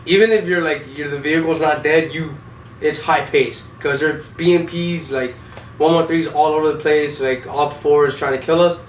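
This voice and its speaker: Young man, army driver, profane rambling stories, slightly high voice, echoey room, distant mic. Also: a little hiss or hum. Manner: heavy swearing, rambling. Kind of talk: casual war-story telling.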